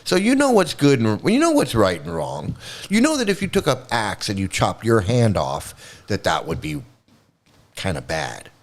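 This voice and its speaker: A man's voice: fairly low pitch, huge pitch swings, normal speed. A man hosting a livestream, ranting angrily and sarcastically, with a lot of swearing. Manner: angry, sarcastic, heavy swearing. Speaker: host. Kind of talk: profane ranting livestream commentary.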